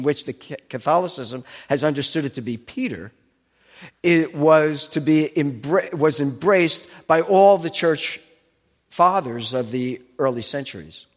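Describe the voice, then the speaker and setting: A man giving a sermon, teaching with asides and explaining Hebrew and Greek words. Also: on the high side. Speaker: pastor. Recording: long hall reverb.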